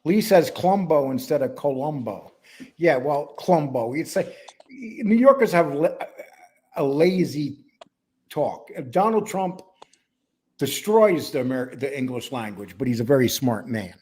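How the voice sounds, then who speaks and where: A man's voice: on the high side, lively intonation, a little slow, darkish tone. A man from New York with a New York accent blended with a Wisconsin one, hosting a casual podcast in a rambling, talkative way that jumps between topics. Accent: New York mixed with Wisconsin. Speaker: podcast host.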